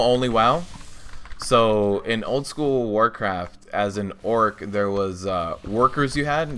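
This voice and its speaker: A man's voice: on the low side, sharp tone, a little hiss or hum. Chatty young male game streamer. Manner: chatty, reacts aloud to gameplay. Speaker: gaming streamer. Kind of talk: casual live-stream commentary.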